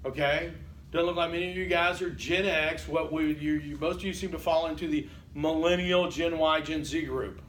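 An older man teaches a college class in a loose, conversational lecture, pausing to ask "Okay?" and to question his students. His voice sits high for a man. He is picked up from a distance in an echoey classroom with a faint hiss behind him. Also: steady tone, a bit bright. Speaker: college instructor.

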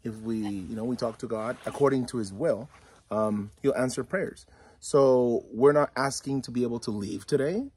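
A man's voice: mid-range voice, normal speed, a little mellow, slight background noise. A man who is a youth pastor, earnestly asking for prayer in a casual, reassuring way. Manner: earnest, reassuring, faith-focused. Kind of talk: casual spoken prayer request.

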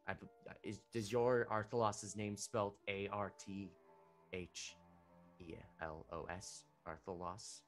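Halting low-voiced male player. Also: flat delivery, faint music behind. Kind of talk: in-character tabletop play.

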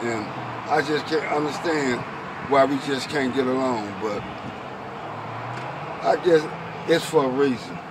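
A man's voice: mid-range voice, unhurried, pauses often, noisy background. A man rambling and joking outside a convenience store, reflective and easily amused. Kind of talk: casual street banter.

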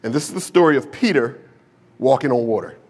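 A man's voice: mid-range voice, expressive, a little fast, darkish tone, slightly rough. A male pastor preaching a sermon to a congregation in a church, mixing humor, slang and rhetorical questions into his storytelling. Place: church sanctuary with a live congregation.

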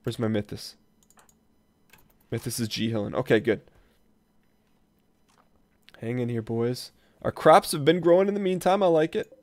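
A man doing let's play commentary on a colony game, talking to his colonists and jumping between rattled bursts and low mutters, with keyboard clicks behind. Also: measured pace, long pauses, no echo. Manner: jumpy, talks to his colonists, spikes loud when tense.

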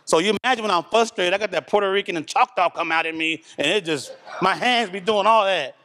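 A man giving a candid, animated testimony at a church service, a self-described loud talker. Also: sits high, fast talker. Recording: reverberant church hall.

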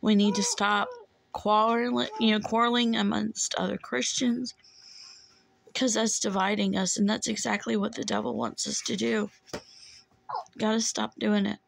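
A woman's voice: medium pitch, moderate pace, creaky, no echo, rough recording. A woman, holding back tears as she earnestly pleads with viewers to be saved, repeating herself. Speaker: self-described watchwoman. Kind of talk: urgent religious warning to camera.

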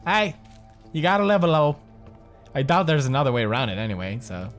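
A young man in his twenties giving jokey, swear-filled let's play commentary on a horror game, dropping to low mutters and jumping to frightened yelps. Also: very animated, quick pace, soft background music. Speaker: gaming commentator.

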